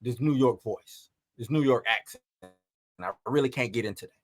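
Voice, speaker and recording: A man's voice: mid-range voice, normal speed, no room sound, voice pushed down, close to an everyday voice. A man putting on the voice of a whiny, dismissive male commenter, in a drawling, mock-complaining tone. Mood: mocking gripe.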